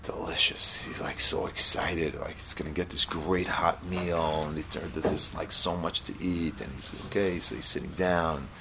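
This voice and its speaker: A man giving a storytelling Torah lesson, reading Hebrew lines and explaining them in English, with lively character voices. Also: sits low, moderate pace, vocal fry, few pauses, background noise.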